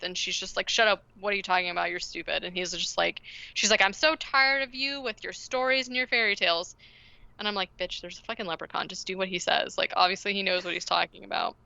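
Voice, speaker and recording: A woman's voice: medium pitch, gravelly, bright, forceful tone, clean tone, no room sound, highs cut off. A woman co-hosting a podcast, recapping a film in casual chat and acting out the characters' lines with energy. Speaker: podcast co-host.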